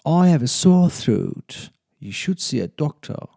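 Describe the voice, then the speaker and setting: A man reads short lesson phrases slowly and with care. His voice is very dark and gravelly, and his pitch rises and falls a lot. It sounds close and dry, with no room around it. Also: very animated, no echo. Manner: slow, deliberate drill reading. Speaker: English teacher. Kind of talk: slow scripted reading of example sentences.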